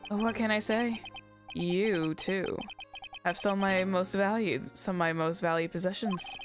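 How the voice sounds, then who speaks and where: A woman voicing a flamboyant, smug male stage magician who purrs softly and theatrically. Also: mid-range voice, fairly even intonation, unhurried, faint music behind, lightly acted. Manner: soft, purring, theatrical, calls people sweetie.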